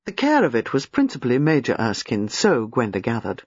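A man narrating a novel in an expressive, lively reading. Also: medium pitch, brisk, slightly rough, dry recording. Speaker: audiobook narrator. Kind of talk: scripted narration. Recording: slightly muffled, dry.

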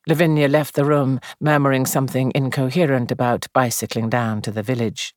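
A woman reading a story aloud in measured, even narration. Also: extremely low pitch, no room sound, clean studio sound. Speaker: audiobook narrator. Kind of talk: scripted narration.

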